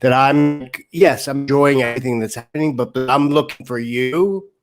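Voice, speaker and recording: A man hosting an interview show, speaking earnestly and in a measured way. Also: mid-range voice, a little hiss or hum. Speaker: host. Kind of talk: interview chat.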